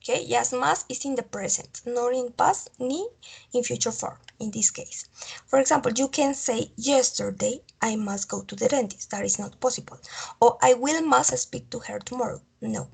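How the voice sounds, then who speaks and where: High, husky woman teacher. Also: moderate pace. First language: Spanish. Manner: repeats each example, checks understanding with "okay?". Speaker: English teacher. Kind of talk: online grammar lesson.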